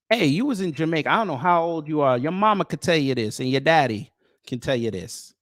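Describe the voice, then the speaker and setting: A man's voice: a little high, animated, a little fast, dry recording, clean studio sound. A man from the United States giving a reaction commentary, incredulous and mocking as he talks. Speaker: YouTube commentator.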